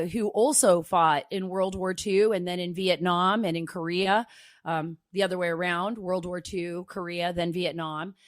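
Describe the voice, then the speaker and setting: A woman's voice: fairly low pitch, dry recording. Woman, middle-aged, talk host, emphatic, rhetorical questions, dry sound. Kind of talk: opinionated political talk.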